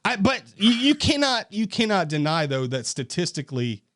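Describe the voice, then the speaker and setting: Animated young man, voice leaping upward often. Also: moderate pace. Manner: animated, laughing, swings high in pitch. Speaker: podcast co-host. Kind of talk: casual chat.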